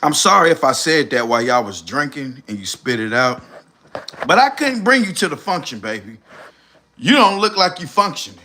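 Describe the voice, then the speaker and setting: A man roasting people on his livestream, animated and loud at times. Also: a little high, normal speed. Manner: animated, shouting impressions. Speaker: streamer host.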